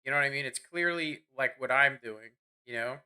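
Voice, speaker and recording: Rambling guy with a sharp voice. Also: mid-range voice, brisk, smooth. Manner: rambling, self-deprecating, restarts sentences. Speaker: gaming streamer. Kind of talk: casual gameplay commentary.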